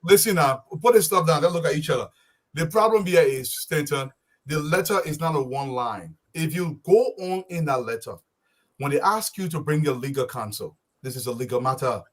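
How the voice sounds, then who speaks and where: A man's voice: a little high, lively intonation, normal speed. A man arguing insistently as a panelist on a political talk show. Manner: forceful, insistent, lecturing.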